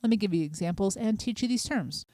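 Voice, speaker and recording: A middle-aged woman, hosting a podcast and patiently explaining a small language lesson, spelling words out slowly. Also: medium pitch, expressive, warm tone, no room sound. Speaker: podcast host.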